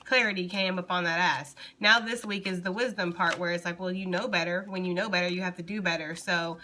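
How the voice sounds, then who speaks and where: Blunt woman tarot reader, bright voice, casual and profane, laughs a lot. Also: on the low side, fairly even intonation, brisk, a little hiss or hum. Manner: blunt, swears freely, laughs often.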